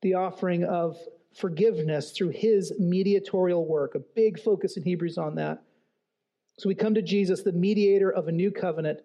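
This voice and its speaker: A man's voice: high-pitched, mellow. A man preaching a sermon in an earnest, emphatic way, posing rhetorical questions and repeating key phrases. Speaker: pastor.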